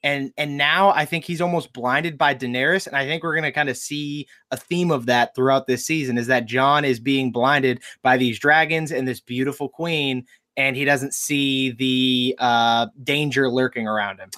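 A man co-hosting a casual TV recap chat, relaxed and quick to agree, retelling scenes with lots of "like". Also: medium pitch. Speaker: podcast co-host.

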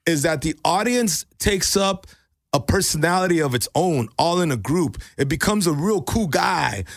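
A man's voice: a little high, normal speed, creaky. A middle-aged male comedian and coach telling stories in a casual podcast chat, swearing freely and calling people bro. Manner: animated storyteller, swears and says bro.

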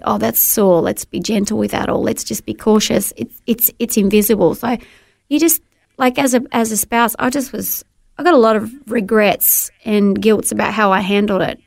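Woman interview guest, earnest testimony, gravelly fry, dry close sound. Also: medium pitch, fairly even intonation, moderate pace, a little mellow, no echo. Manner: earnest, heartfelt storytelling with frequent restarts.

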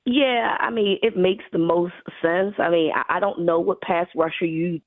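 Hoarse woman on a phone line. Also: on the low side, normal speed, no echo. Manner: relaxed, conversational, many fillers. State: hoarse from allergies. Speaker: guest football analyst. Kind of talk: casual radio chat.

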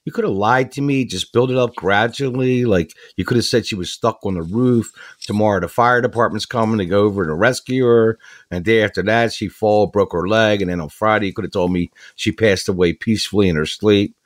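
A man's voice: fairly low pitch, a little fast, no echo, studio quality, close to an everyday voice. A man voicing an upset wife on a business trip in a joke.

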